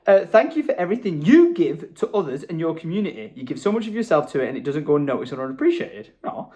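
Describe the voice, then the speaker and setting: A man, chatting casually at home in a vlog, excitable and quick to jump up in pitch when delighted. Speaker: vlogger. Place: at home, indoors.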